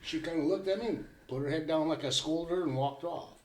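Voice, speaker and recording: A man's voice: a little high, fairly quick. An older man telling his story as a podcast guest in a plainspoken, folksy way. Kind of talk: casual storytelling. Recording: roomy echo.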